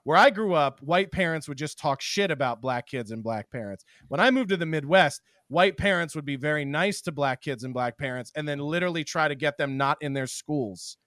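Male podcast host from Philly; a bit high-pitched, animated, dry close-mic sound. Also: no room sound. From Philadelphia, USA. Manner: animated, quick bursts, swears. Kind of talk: casual chat.

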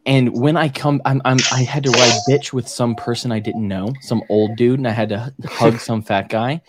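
A man telling a story in casual chat with friends, animated and swearing, acting out the quoted voices. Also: medium pitch, moderate pace, background noise.

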